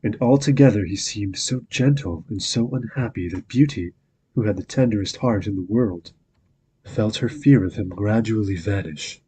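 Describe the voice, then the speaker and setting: A man reading a fairy tale aloud as a calm, measured bedtime story narrator. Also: lowish voice, breathy edge.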